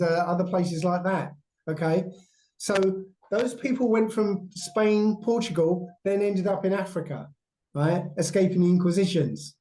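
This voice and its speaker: A man, a guest on a video call, explaining slides in a halting way and checking in often with "right?" and "yeah?". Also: high-pitched, darkish tone, a little hiss or hum, rough recording. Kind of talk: explanatory chat over shared slides.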